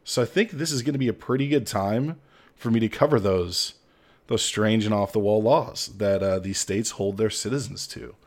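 A man's voice: fairly low pitch, normal speed, darkish tone. A young adult man hosting a solo comedy podcast, talking in a mock-grandiose, tongue-in-cheek way. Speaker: podcast host.

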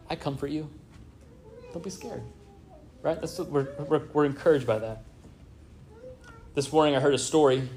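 A man's voice: fairly high pitch, darkish tone. Man preaching a conversational sermon. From Southern California. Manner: conversational preaching with frequent "right?" asides. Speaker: pastor. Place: church sanctuary.

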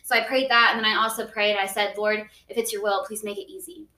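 A young woman shares a personal faith story in an earnest, rambling way, full of "like"s and quick restarts. Her voice is bright. The recording has a roomy echo and she sits a little back from the mic. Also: medium pitch, steady tone, recorded from a distance. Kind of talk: casual faith testimony. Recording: echoey room, voice a bit off-mic.

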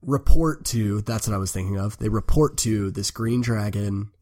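A man's voice: fairly low pitch, moderate pace, darkish tone. A man co-hosting a casual podcast, chatting about building a fantasy world and breaking into playful bits. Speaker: podcast co-host.

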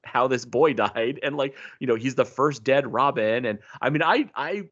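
A man co-hosting a casual comic book podcast, laughing often and acting out quoted dialogue with animated delivery. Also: mid-range voice, normal speed, highs cut off. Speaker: podcast co-host.

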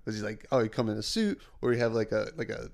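A man's voice: on the low side, steady tone, fast talker, creaky, darkish tone. A man co-hosting a podcast in casual chat, rambling with many fillers and hesitations. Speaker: podcast co-host.

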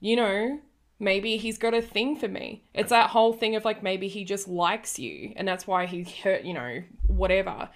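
A chatty woman in her early thirties, talking casually on a podcast. She rambles through her story, circling back and restarting as she goes, at a middle pitch. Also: normal speed. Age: early 30s. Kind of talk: casual chat.

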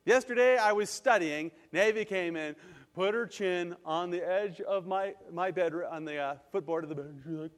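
A male pastor giving a lively sermon, acting out quotes and then leading a prayer. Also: sits high, moderate pace, long reverb tail. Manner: animated, acts out quotes and leads prayer.

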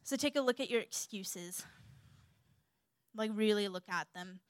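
A young woman giving a sermon in an animated, humorous way. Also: medium pitch, unhurried, no room sound. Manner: animated and humorous, acts out quoted voices.

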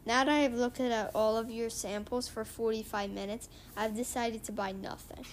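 Higher-voiced woman reading a comic out loud, stops and restarts a lot, faint hum behind. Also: steady tone. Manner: halting, with frequent restarts and fillers. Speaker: reader of a comic book. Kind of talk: casual book reading and retelling.

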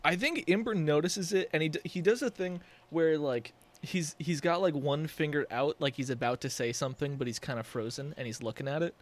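A man's voice: on the high side, fairly quick, hardly any pauses. A man playing a tabletop game, thoughtfully describing what his character does. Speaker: player. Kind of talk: casual tabletop game chat.

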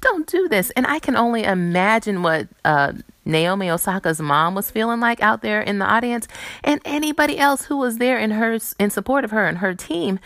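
A woman in her thirties hosting a casual chat show, telling stories in an animated way and acting out quoted voices. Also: medium pitch, normal speed, no room sound. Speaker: host. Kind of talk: casual chat and movie previews.

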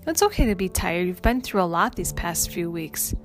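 This is a soft-spoken, reassuring woman doctor at a hospital bedside, as a woman reading a story puts her on. She has a lowish, gentle, caring tone. Music plays clearly beneath the storybook narration. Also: very animated, moderate pace. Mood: gently reassuring. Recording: music playing underneath.

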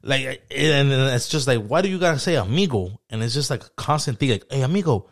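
A man's voice: mid-range voice, expressive, a little fast. A young man co-hosting a casual podcast chat, slangy and profane, rambling as he tells work stories. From Mexican heritage. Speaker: podcast co-host.

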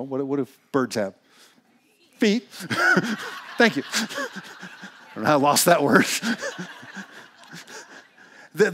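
A pastor with a fairly high voice delivers a sermon in a church sanctuary. His pitch swings widely as he talks. The tone stays casual and chatty, with jokes for the congregation. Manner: conversational, animated, joking with the congregation.

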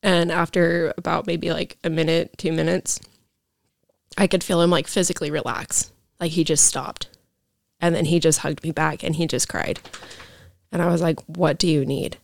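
A woman's voice: low-pitched, fairly even intonation, normal speed, creaky, dry recording. A young woman, a podcast guest, telling a personal story casually and rambling with lots of filler words. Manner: rambling, heavy use of "like" fillers.

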